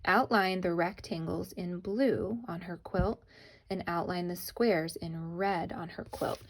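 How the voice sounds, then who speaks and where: A woman's voice: lowish voice, steady tone, takes it slowly. Cheerful young woman teaching children. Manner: cheerful, chatty, addresses kids as guys. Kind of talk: casual video lesson for children. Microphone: phone held in hand.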